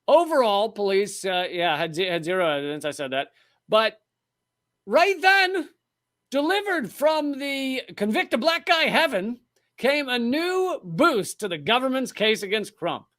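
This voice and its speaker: A man's voice: very high-pitched, big pitch swings, a little slow, a bit bright. A man hosting a podcast, retelling a true crime case in casual chat with sarcastic asides. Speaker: podcast host.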